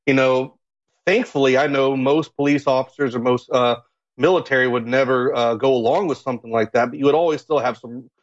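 A man from Florida joins a political talk show as a guest, his voice a plain middle pitch. He speaks haltingly, stumbling through restarts and fillers. The sound is muffled and a bit lo-fi. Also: fairly even intonation.

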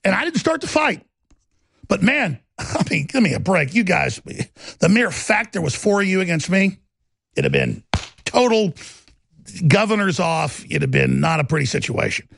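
A middle-aged man hosting a talk show, ranting in a heated, mocking monologue with a raspy voice. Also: high-pitched, huge pitch swings, normal speed, a bit bright, no room sound. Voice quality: gravelly, raspy.

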